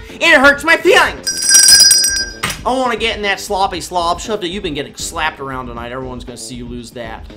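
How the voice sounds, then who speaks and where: A man live-streaming to his chat in a crude, rambling, excitable way, swearing freely. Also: a little high, fairly quick. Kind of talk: casual live-stream chatter to viewers. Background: game music.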